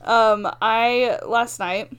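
A woman's voice: on the high side, steady tone, extremely slow, a bit bright, smooth. Giggly rambling woman podcaster. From Idaho. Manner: giggly, rambling, laughs often. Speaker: podcast co-host. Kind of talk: casual chat.

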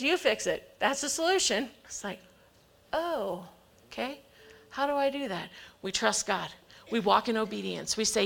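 Woman preacher, high bright voice, emphatic delivery that acts out quoted voices. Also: creaky. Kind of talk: sermon.

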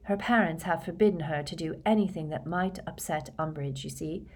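A woman's voice: deep voice, moderate pace, darkish tone. A woman voicing a nervous, flustered teenage girl who stumbles and apologizes in a storybook reading. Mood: confiding.

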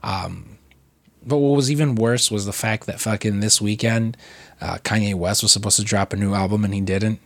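Sick with a cold, this man co-hosts a podcast and rambles in casual conversation, restarting often, using plenty of fillers and swearing. He speaks at normal speed with a voice on the low side and fairly even intonation, on a dry recording.

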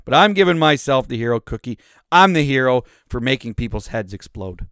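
A man hosting his own podcast, ranting angrily with constant swearing and big swings in loudness. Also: mid-range voice, lively intonation, a little fast, clear, resonant tone, dry recording, studio quality. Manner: profane, angry ranting with swings in volume. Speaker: podcast host.

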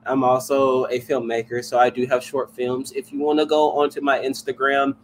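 A man from the Louisville area, chatting casually as a podcast guest, animated and quick to laugh. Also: medium pitch, slight background noise, rough recording. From Louisville area, United States. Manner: animated, excitable, laughs and vents loudly.

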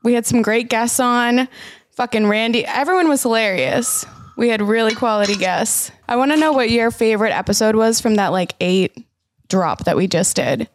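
Higher-pitched young woman, dry close sound. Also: moderate pace, dry recording. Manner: laughing, candid, swearing. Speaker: podcast co-host. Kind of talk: casual stoner podcast chat.

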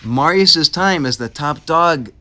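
Bright-voiced man telling history casually. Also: fairly high pitch, slow pace. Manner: animated, laughs easily, playful asides. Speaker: podcast host. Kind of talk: casual history podcast storytelling.

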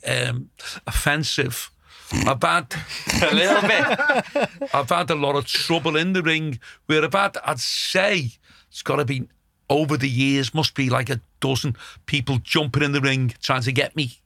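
A man's voice: on the high side, creaky, bright, forceful tone, no room sound, clean studio sound. A middle-aged male comedian, telling blunt, sweary stories in casual chat. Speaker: comedian, podcast co-host.

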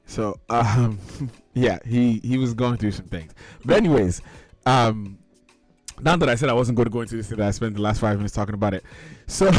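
A man hosting a casual podcast, telling a story with laughter and acted-out quotes. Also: on the low side. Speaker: podcast host. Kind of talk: casual ranting chat.

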